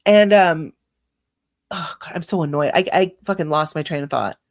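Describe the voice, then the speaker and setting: Speaking in a low voice at a moderate pace, a young adult woman hosting a livestream directs an angry, profane rant at her chat.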